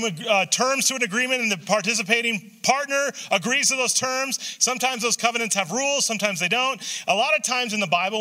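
A high, very bright male voice delivers a sermon from the pulpit. He preaches in a loose, joking way, jumping into asides and restarting his sentences as he goes. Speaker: pastor.

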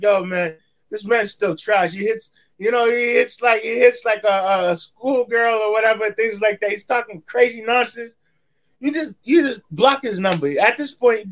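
A man's voice: very high-pitched, a bit bright. A man co-hosting a live sports talk show, hyped and goofy, firing up a fighter. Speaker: co-host. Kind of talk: casual live-show chat.

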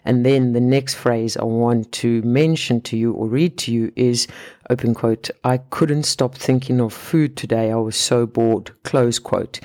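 A man's voice: mid-range voice, darkish tone. A man hosting a solo podcast on fat loss, talking in a chatty way and often rephrasing and repeating his points.

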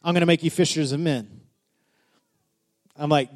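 Brief: male pastor, high voice, animated sermon storyteller. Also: moderate pace. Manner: animated storyteller, builds to shouting.

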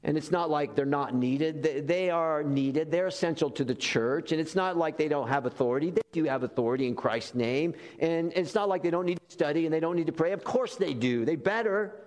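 A man's voice: fairly high pitch, a little fast, hardly any pauses, darkish tone. Emphatic male pastor in a reverberant hall. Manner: emphatic, repeats key words for stress. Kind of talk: sermon.

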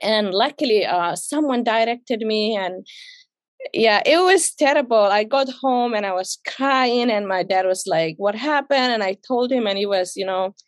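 In a dry recording, a young interview guest with a mid-range voice talks at normal speed. She recounts a personal story emotionally, acting out the words others said to her.

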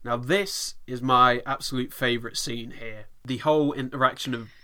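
Bloke rambling on a podcast, bright forward voice, lots of you-knows. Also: male voice, mid-range voice, steady tone, moderate pace, clean tone. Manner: chatty, rambling, with many fillers. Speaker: podcast co-host. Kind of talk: casual chat.

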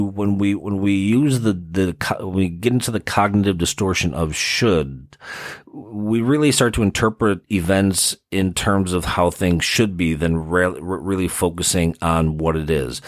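A man with a Midwestern American accent talks through therapy concepts in a relaxed, conversational podcast monologue. His voice sits low, and the recording is dry and close, with no room sound. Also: unhurried, no echo. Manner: conversational, explains with everyday examples. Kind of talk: casual explanatory monologue.

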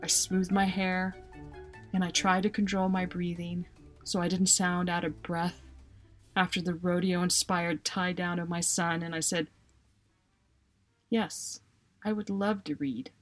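A woman, a writer, reading aloud her own funny personal story in an expressive, self-mocking way. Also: lowish voice, measured pace, faint music behind.

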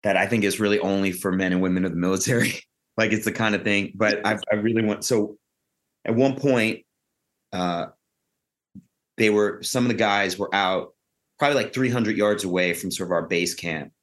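A man with a fairly low voice, swapping stories on a podcast. He talks in an animated, profane, freewheeling way and builds his anecdotes with plenty of energy. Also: moderate pace. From Queens, New York. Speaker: actor guest. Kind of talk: casual podcast storytelling.

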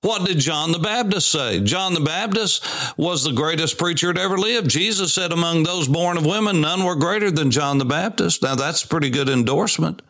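A man teaching the Bible in a sermon style on his daily program, animated and swinging his pitch widely for emphasis. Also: moderate pace.

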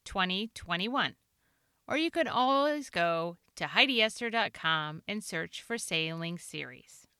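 A woman author reading her own personal story aloud, earnest and expressive. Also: mid-range voice, clean tone, dry recording, studio quality. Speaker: author and show host.

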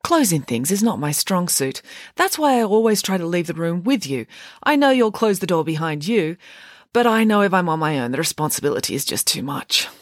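A woman reading a storybook, voicing a dreamy, easygoing schoolgirl who talks in a vague, unhurried way. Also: fairly low pitch, big pitch swings, dry recording, studio quality, pitched above the performer's own voice.

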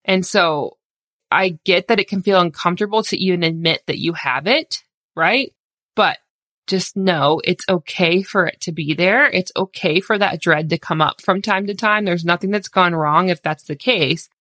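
A woman's voice: on the low side, normal speed, a bit bright, no echo, studio quality. A woman in her thirties hosting a solo podcast, talking candidly and encouragingly in a casual conversational way with lots of "like"s. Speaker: podcast host.

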